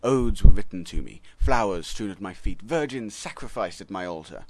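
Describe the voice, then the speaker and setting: A man's voice: lowish voice, lively intonation, moderate pace, creaky, slight background noise. A man voicing a pompous, mock-tragic markup language boasting of its fame. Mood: grandiose.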